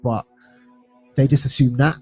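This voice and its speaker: Mellow-voiced man with a home counties accent. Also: mid-range voice, a little slow. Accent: English home counties. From England. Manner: relaxed, chatty, rambling with restarts. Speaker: co-host of a music show. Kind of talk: casual chat. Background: music playing.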